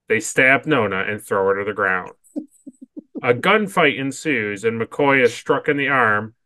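A man co-hosts a podcast with a bright, forceful voice, recorded dry and close with no room sound. He trades casual banter with a friend and reads episode summaries aloud in an even, steady way. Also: medium pitch, dry recording. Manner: laughs often, stammers when giving opinions. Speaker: podcast co-host. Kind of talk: casual chat and reading episode recaps.

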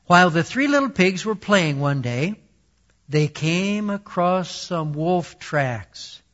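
Slow, measured male storyteller. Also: high-pitched, animated, a bit bright. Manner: slow, deliberate reading. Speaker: storyteller and Bible teacher. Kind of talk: reading a children's story aloud. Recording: dull lo-fi recording.

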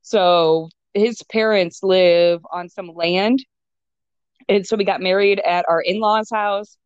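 A woman's voice: medium pitch, steady tone, takes it slowly, smooth, no room sound. Chatty young woman, muffled dry sound. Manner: chatty, laughs often, many fillers. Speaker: guest. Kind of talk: casual chat. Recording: dull lo-fi sound.

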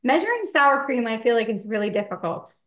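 A woman's voice: on the high side, big pitch swings, brisk, fairly bright tone, echoey room. A woman co-hosting a casual chat while she bakes at home, talking in a loose way with lots of fillers and laughs. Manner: chatty, many fillers, laughs often. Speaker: podcast co-host.

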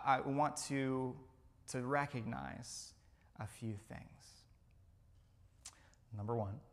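A man preaching a sermon in a church, earnest, often repeating phrases for emphasis. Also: medium pitch. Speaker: pastor. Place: church sanctuary.

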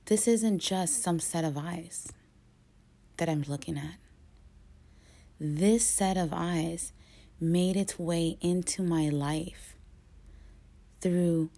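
A woman speaks slowly and earnestly in a lower voice, giving a motivational talk. She leans on words for emphasis, lets dramatic pauses hang, and sometimes sinks into a hushed whisper. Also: gravelly.

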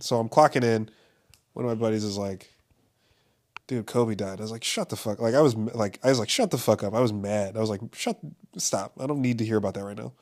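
A man's voice: medium pitch, darkish tone. A young man from Los Angeles talking in a rambling, casual monologue, full of profanity, fillers and restarts.

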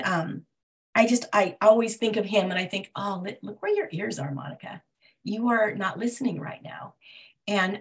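A middle-aged woman on a video call, sharing her story at a recovery meeting in a halting way, often restarting and searching for words. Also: mid-range voice.

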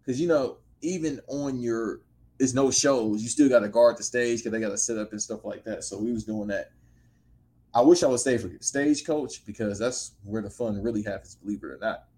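A man tells a story in easygoing conversation, full of slang and lively asides. His voice sits in an ordinary middle pitch, and he speaks at a normal speed in a loose, laid-back manner.

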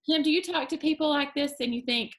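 A woman's voice: sits high, quick pace. A woman co-hosting a podcast, upbeat and affirming in casual chat. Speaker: podcast co-host.

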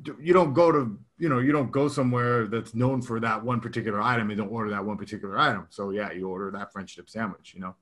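A man's voice: lowish voice, fairly even intonation, fast talker, hardly any pauses, a bit bright. A man in his thirties or forties co-hosting a podcast in casual, rambling chat, laughing often as he talks. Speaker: podcast co-host.

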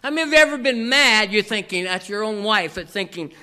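A male pastor preaching in an animated, call-and-response style, with a high, bright voice. His pitch leaps and swoops, and he keeps prompting the congregation to answer back. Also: a little fast. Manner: animated, calls for audience response; repetitive filler "here". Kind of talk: sermon.

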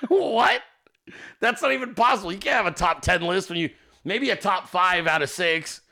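A man hosting a podcast in casual, profane, joking chat, quick to laugh. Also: high voice, expressive, creaky, sharp tone. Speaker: podcast host.

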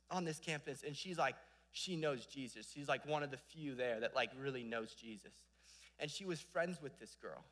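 A young man preaching a sermon with passion, swinging between loud exhortation and hushed storytelling. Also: a little high.

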